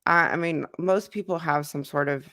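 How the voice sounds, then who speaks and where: Congested woman, livestream host, low voice, gravelly fry, dry close sound, rambling repetitive chat. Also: moderate pace, sharp tone, dry recording. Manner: conversational, repeats herself, many fillers. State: congested with a cold.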